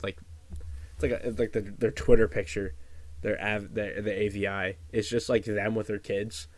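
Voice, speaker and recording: Disgusted, swearing man with a low voice. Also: no room sound. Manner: disgusted, sarcastic, swears a lot. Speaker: commentary vlogger. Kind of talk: casual profane commentary.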